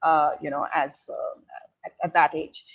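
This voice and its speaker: This is a woman talking parents through their teenagers' changes. Her voice sits a little low. She is middle-aged, and she explains in a calm, advisory way with frequent pauses. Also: highs cut off. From India. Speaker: parenting educator.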